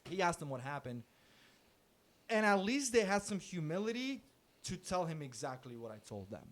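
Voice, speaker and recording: A man's voice: on the high side, very animated, normal speed. A man telling his caddie stories in a laid-back, wry and direct way during a casual interview. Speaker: golf caddie and guest.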